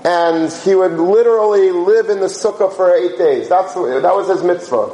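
A man's voice: high voice, moderate pace. Guy teaching a yeshiva crowd, sermon storytelling, lots of rhetorical questions, echoey room. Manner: animated, rhetorical questions, Yiddish and Hebrew terms. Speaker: yeshiva teacher giving a talk. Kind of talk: sermon-style storytelling talk. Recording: roomy echo, faint background hum.

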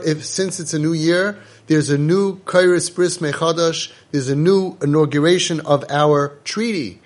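A man with a somewhat high voice gives an animated Torah lecture. He mixes Hebrew terms into his English and acts out quotes with sudden raised bursts. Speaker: Torah teacher.

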